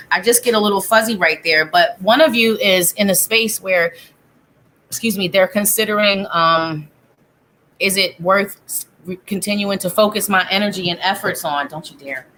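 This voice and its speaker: A woman with a bright, forward voice gives a live tarot reading from her home. She talks casually, thinking aloud and breaking off mid-sentence. A faint hiss of background noise sits under the recording. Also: lowish voice. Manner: chatty, thinks aloud, self-interrupting. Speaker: psychic tarot reader.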